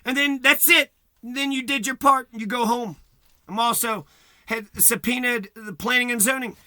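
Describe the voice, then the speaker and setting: A man's voice: extremely high pitch, steady tone, normal speed, pushed and bright, dry recording, studio quality. A man delivering a profane, agitated rant to camera, repeating himself and swearing heavily. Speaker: vlogger.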